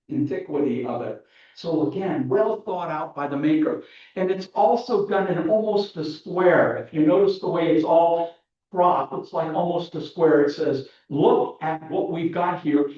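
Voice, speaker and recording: A man judging entries in a photography competition over a video call, explaining with enthusiasm and frequent restarts. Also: fairly high pitch. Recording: echoey, distant, muffled video call audio.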